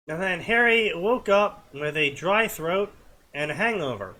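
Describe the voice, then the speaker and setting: A man reads fanfiction aloud in a slow, deadpan way and sums up the dull parts with "blah, blah." His voice is slightly high and bright. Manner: deadpan, dismissive, with many "blah, blah". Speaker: co-host reading fanfiction. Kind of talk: comedic reading and commentary.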